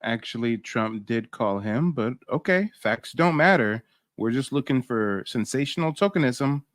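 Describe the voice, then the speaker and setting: A man's voice: medium pitch, animated, normal speed, dry recording, clean studio sound. A man hosting a reaction commentary, talking in a sarcastic, mocking way. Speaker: commentary channel host.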